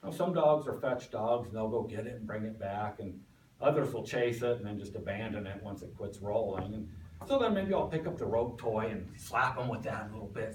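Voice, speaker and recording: Delivering a folksy, story-driven prepared speech to a club, a fairly low-voiced man is captured from a distance in an echoey meeting room. There's a little hiss or hum on the recording.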